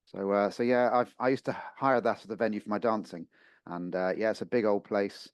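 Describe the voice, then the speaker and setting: A man's voice: fairly low pitch, steady tone, a little fast, dry recording, studio quality. A man in his fifties from Portsmouth hosting a local radio interview, chatty with frequent fillers. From Portsmouth, England. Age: 50s. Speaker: radio host.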